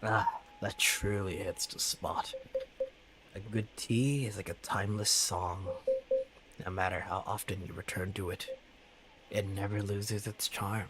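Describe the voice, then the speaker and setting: Streamer voicing a gentle, soft-spoken young singer in a visual novel; low and quiet. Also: steady tone, background noise. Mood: serene. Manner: soft, polite, unhurried.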